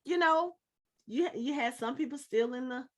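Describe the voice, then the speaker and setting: A woman's voice: high voice, moderate pace. A woman co-hosting a podcast, chatting casually and animatedly with lots of fillers. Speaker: podcast co-host. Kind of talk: casual chat.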